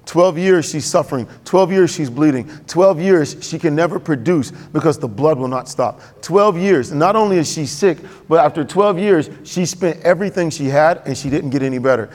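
High-voiced man preaching in a reverberant hall. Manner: conversational, quick and animated, asks the congregation questions. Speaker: pastor. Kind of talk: sermon. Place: church sanctuary. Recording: long reverb of a church hall.

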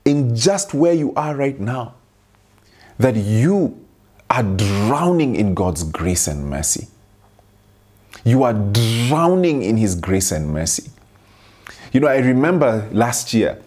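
A man's voice: mid-range voice, darkish tone, slightly rough. A young adult man preaching a sermon, mixing scripture with an earnest personal story and repeating phrases for emphasis.

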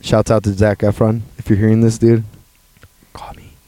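A man's voice: fairly low pitch, normal speed. A man co-hosting a podcast in casual chat, swearing constantly and laughing often. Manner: profane, excitable, laughs often. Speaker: podcast co-host.

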